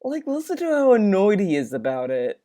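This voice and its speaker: A man with a mellow, dark-toned voice talks through a reaction video. He rambles and stumbles over restarts as he builds his points. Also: high voice, huge pitch swings. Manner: rambling, halting, full of restarts and filler. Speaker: commentary video host. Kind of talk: reaction commentary.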